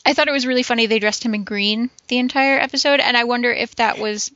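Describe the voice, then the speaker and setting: A woman with a somewhat high voice chats easily and agreeably as a podcast co-host. Her voice is dry and close, with no room around it. The sound is dull and lo-fi. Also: fast talker, fairly bright tone, no echo. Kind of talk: casual chat reviewing TV episodes.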